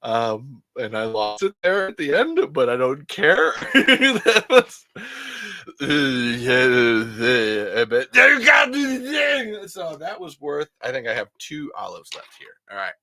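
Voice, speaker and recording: Bright-voiced, rambling, profane male podcaster. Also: on the high side, wildly swooping pitch, slow, vocal fry, no room sound. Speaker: podcast host. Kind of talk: casual late-night podcast chat.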